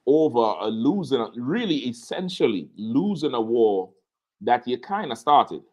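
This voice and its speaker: A man hosting a loose talk show, with a middling voice that is neither high nor low. He tells his story with energy and plays out every quote as he goes. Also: normal speed. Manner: animated storytelling, acting out quotes. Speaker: show host. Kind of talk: casual show commentary.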